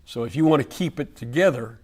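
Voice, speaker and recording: A man's voice: mid-range voice, brisk, darkish tone, husky. A man leading a Wednesday night Bible study before a church audience, speaking emphatically with lots of repetition and slipping into folksy storytelling.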